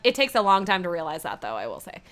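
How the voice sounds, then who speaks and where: A woman co-hosting a casual chat, recapping a TV episode and acting out the characters' lines in animated voices. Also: on the low side, quick pace, a crowd in the background. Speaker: podcast co-host.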